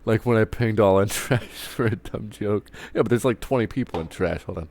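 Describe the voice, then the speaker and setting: This man's voice sits on the low side and is slightly mellow, moving at normal speed with few pauses. Streaming live, he rants offhandedly, swearing plenty, rambling, and often stumbling back to restart.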